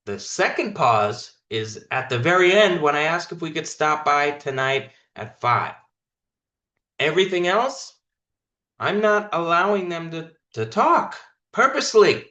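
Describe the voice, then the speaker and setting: A man's voice: a little high, pushed and bright, echoey room, muffled recording. A man managing a sales team, coaching them through a meeting in an emphatic, instructive way. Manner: emphatic, instructive, demonstrates call lines.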